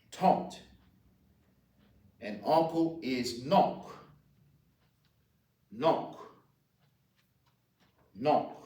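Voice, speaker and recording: A man's voice: mid-range voice, darkish tone. A man with a Louisiana accent teaching Cajun French vocabulary, patiently repeating each word. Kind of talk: slow spoken language lesson. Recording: roomy echo, distant mic.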